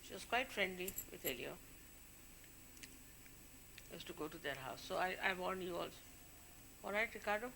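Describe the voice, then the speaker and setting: A woman's voice: lowish voice, normal speed, vocal fry, pauses often, bright, forceful tone, slight background noise. A woman, a spiritual leader, giving an informal talk to her followers, warning and scolding them in a conversational way.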